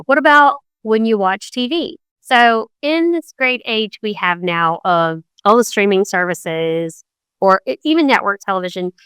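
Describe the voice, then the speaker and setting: A middle-aged woman hosting a podcast, talking casually and acting out the quoted tones of voice with big jumps in pitch. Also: a bit bright, clear, resonant tone, no echo. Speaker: podcast host. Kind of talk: conversational monologue on communication.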